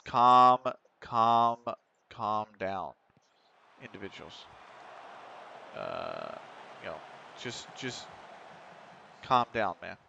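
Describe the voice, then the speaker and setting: A man's voice: medium pitch, vocal fry, pushed and bright, slight background noise. A man streaming a football management game, reacting live, swearing and calling out to the players on screen.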